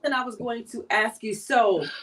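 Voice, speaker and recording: Co-host: woman, high voice, a bit far from the mic, teasing and lively. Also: moderate pace, a little hiss or hum. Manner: lively, teasing, talks to the audience. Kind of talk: casual chat reading comments.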